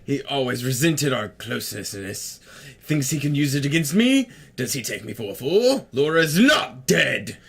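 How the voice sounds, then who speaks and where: A man voicing a bitter, raging man with a grudge in a strained, slow, theatrical way while reading game lines aloud. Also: mid-range voice, very animated, gravelly, breathy edge, full character voice. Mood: bitter, outraged.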